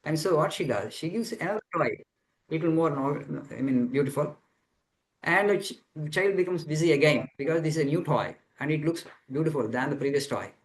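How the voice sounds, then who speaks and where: A man's voice: on the high side, lively intonation, fairly quick, poor audio. A man, a monk, giving a spiritual teaching talk to students over a video call, explaining earnestly and repeating phrases as he searches for words. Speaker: monk answering students' questions.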